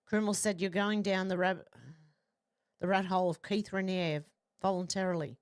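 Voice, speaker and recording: A woman hosting a livestream, reading out viewer comments in casual chat with quick, chatty asides. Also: medium pitch, fairly even intonation, clear, resonant tone. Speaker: livestream host.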